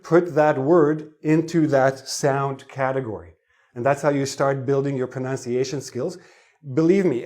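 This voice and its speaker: A man's voice: fairly high pitch, a little mellow. Chatty male English teacher. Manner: explains chattily, asks the viewers questions. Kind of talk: online pronunciation lesson.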